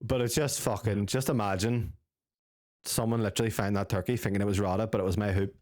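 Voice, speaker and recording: A young man, telling a sweary, animated story as a podcast co-host. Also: fairly low pitch, a little fast, no echo, clean studio sound. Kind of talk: casual storytelling with friends.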